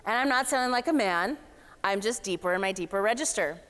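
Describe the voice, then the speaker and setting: A woman giving a lively, playful workshop talk at a summit, speaking casually to a live room. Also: medium pitch, fairly quick. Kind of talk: energetic motivational workshop talk. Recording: long hall reverb.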